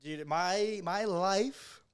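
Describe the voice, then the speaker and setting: A man's voice: high-pitched, drawn-out words, clean tone. A twenty-one-year-old man co-hosting a podcast, talking in a laid-back, hesitant way with many fillers. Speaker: podcast co-host. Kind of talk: casual chat.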